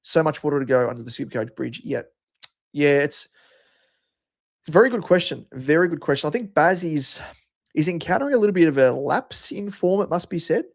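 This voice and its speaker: A man's voice: on the high side, lively intonation, fairly quick. A man with an Australian accent hosting a live stream, chatting casually and answering viewers' comments by name. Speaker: livestream host.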